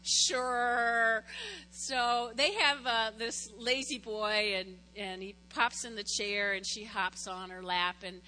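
A woman pastor gives a sermon in an echoing church hall. Her voice is high and bright, and she tells her stories with animated, acted-out quotes. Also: slow pace, soft background music.

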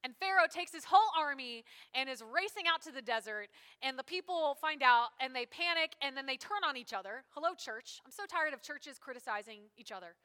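A woman pastor preaching a sermon in a lively, joking, conversational way. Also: sits high, brisk. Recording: long hall reverb.

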